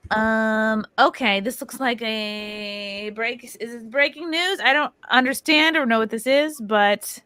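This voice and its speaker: A woman's voice: fairly high pitch, slow pace, few pauses, clean tone, no room sound. A woman in her thirties hosting a podcast, reading viewer comments aloud and telling stories with a playful, laughing manner. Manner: playful, laughing, animated storytelling. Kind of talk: casual chat.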